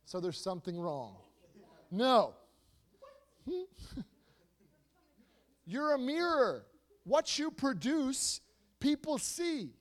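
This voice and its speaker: A man preaching to a youth group, animated and repetitive, swinging between soft asides and loud emphasis with lots of rhetorical questions. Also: very high voice, takes it slowly, long pauses. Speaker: youth speaker.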